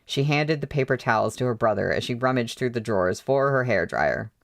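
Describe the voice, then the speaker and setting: A man's voice: medium pitch, expressive, brisk, gravelly, a bit bright. A man reading a novel aloud at a casual pace, breaking off for chatty, hesitant asides full of fillers. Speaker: book reader. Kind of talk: casual read-along with asides.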